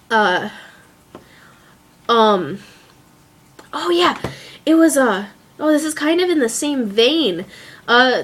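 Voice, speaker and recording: A young woman vlogging in a casual, gushing way, filling her talk with "like" and "um" and acting out movie lines in little voices. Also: on the high side. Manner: many fillers like "like" and "um". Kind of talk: casual chat to camera.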